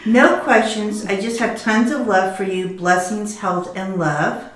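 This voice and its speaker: Brief: plain, brisk woman reading questions off camera, roomy echo. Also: medium pitch.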